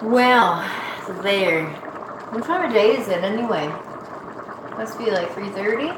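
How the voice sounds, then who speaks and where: A woman with a Nova Scotian accent talks in an unhurried, folksy, self-amused drawl as she cooks in her own kitchen. The room is echoey, and a clear layer of background noise runs under her voice. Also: medium pitch, animated. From Nova Scotia, Canada. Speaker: vlogger cooking on a livestream. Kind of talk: casual livestream chat while cooking. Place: home kitchen with a pot boiling.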